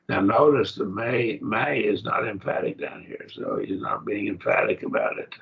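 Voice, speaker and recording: A man with a very low, gravelly voice teaches a Bible class at an unhurried pace. He walks through the Greek grammar one step at a time and keeps checking that the students follow. The recording sounds dull and lo-fi. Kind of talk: college-level Bible study lesson.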